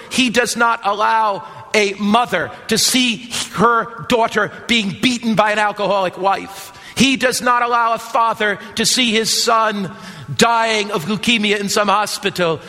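A man pastor preaching a sermon, building to loud emphatic passages and then dropping back down. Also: sits high, measured pace. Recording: long hall reverb.

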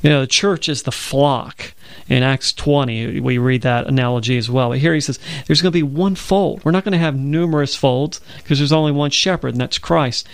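A man's voice: on the high side, vocal fry, clear, resonant tone, no room sound. A man from Alabama with a Southern accent, hosting a radio Bible program and earnestly quoting scripture. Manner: earnest, quotes scripture at length. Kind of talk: conversational Bible discussion.

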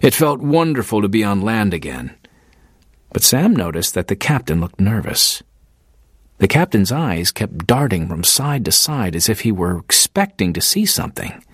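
Husky male audiobook narrator. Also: fairly low pitch, very animated, dry recording, clean studio sound. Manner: measured storytelling.

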